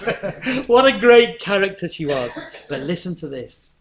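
Male preacher, slightly high voice, chatty storytelling sermon. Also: normal speed. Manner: conversational storytelling, lively.

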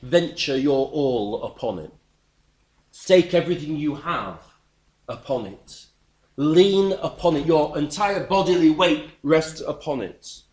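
A man's voice: fairly high pitch, slow, darkish tone. A man preaching a sermon, earnest and emphatic, repeating words as he builds his points.

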